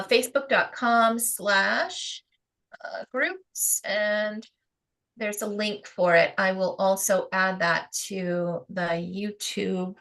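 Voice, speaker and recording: A woman's voice: a little high, fairly bright tone. A woman with a Rhode Island accent hosting a live question-and-answer stream, chatty and upbeat, greeting viewers. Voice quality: chatty, upbeat, with fillers and little laughs. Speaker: host of a self-publishing Q&A.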